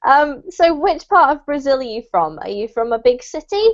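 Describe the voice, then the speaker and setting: A woman hosting an online English class, her voice high and swinging widely as she coaches and laughs along. It comes through muffled, lo-fi call audio. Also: big pitch swings, normal speed. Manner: upbeat, coaching, laughs often. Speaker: English conversation teacher. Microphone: video call.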